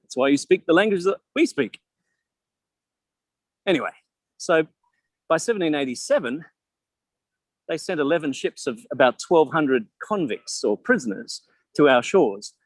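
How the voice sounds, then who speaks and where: A man's voice: a little high, lively intonation, moderate pace, long pauses, no echo. A man with an Australian accent guiding a live virtual tour, joking and asking his audience questions. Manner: chatty, jokey, asks the audience questions.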